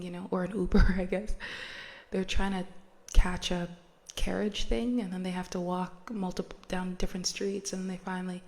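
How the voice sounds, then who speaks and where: Chatty woman with a gravelly voice. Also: fairly low pitch, darkish tone. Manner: chatty, slangy, laughs often. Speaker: podcast host. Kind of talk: casual storytelling retelling.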